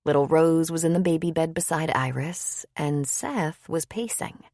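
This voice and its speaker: A woman narrating an audiobook in an even, measured way on a close studio mic. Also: low-pitched, no echo. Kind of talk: scripted narration.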